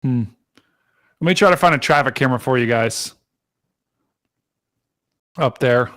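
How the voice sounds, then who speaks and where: A man hosting a live storm-tracking stream, chatting casually to his viewers and explaining radar, excitable and talkative. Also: mid-range voice, a little slow. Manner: excitable, chatty, talks to chat directly. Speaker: livestream weather host.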